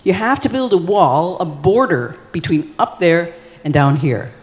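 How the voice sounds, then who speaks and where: A woman voicing a fired-up male ancient Greek poet who pitches a scheme in a loud, insistent, salesman-like way, in a live hall. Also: very animated, measured pace. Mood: pitching. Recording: long reverb of a live hall.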